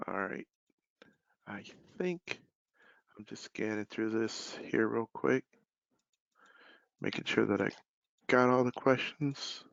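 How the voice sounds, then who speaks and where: Gravelly-voiced man hosting a webinar. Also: fairly low pitch, slow pace, pauses often, no room sound. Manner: casual, relaxed, filler-heavy. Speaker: webinar host, life sales director. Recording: dull lo-fi call audio.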